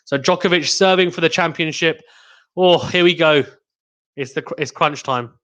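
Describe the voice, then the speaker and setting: A man hosting a live tennis watchalong stream, giving excitable play-by-play commentary and reading out viewer chat. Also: on the high side, normal speed. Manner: excitable, rising to exclamations on big points; reads out chat messages to viewers.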